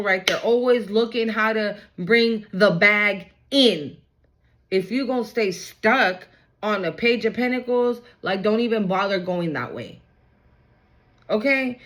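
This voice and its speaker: Speaking at a medium pitch, this tarot reader talks to her audience in a lively, chatty style. She curses a lot and keeps checking in with "right?" and "okay?" during the casual reading.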